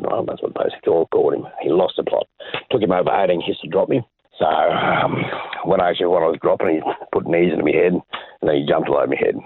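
Deep, husky, australian accent, storytelling man, tinny phone-like recording. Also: steady tone, fast. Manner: rambling storyteller, reenacts dialogue. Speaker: interview guest. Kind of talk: personal testimony.

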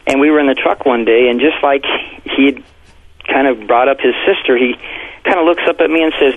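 A man's voice: medium pitch, a little fast, no echo. A male pastor and author telling a personal story in an interview, acting out quotes in a raised voice. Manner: animated, acts out quotes with raised voice. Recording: tinny phone-like broadcast audio.

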